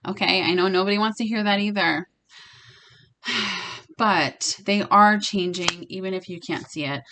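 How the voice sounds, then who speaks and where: Her mid-range voice has a sharp edge and moves a little slowly as the young tarot reader delivers a casual spiritual card reading to viewers. She's blunt and emphatic, cursing freely while speaking right to the listener.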